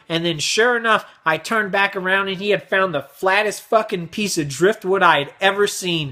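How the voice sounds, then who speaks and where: A man's voice: high-pitched, normal speed, hardly any pauses, sharp tone. A young man hosting his vlog, telling crude, exaggerated stories in a brash comedic rant. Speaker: vlog host.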